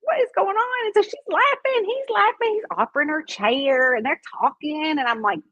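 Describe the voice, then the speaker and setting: A middle-aged woman, telling a story casually and animatedly, often climbing high when excited. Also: moderate pace, dry recording, dull audio. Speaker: mystery author answering reader questions.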